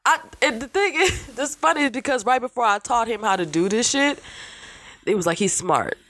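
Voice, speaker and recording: Woman podcast host, casual and profane, with a lively, swinging pitch; acts out quotes in the story. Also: normal speed, dry recording. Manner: animated, profane storytelling with mimicked voices. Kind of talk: casual chat.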